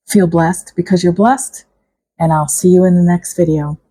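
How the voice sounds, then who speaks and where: A middle-aged woman vlogging to camera about her own experience, reflective and halting, with small restarts. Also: on the low side, fairly even intonation, dark tone, low-quality recording. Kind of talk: personal vlog talk to camera.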